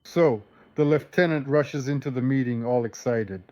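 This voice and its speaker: A man hosting a show and telling jokes in a lively, animated way. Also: medium pitch, moderate pace, few pauses, no room sound, lo-fi sound. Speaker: host and joke teller. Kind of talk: casual joke telling.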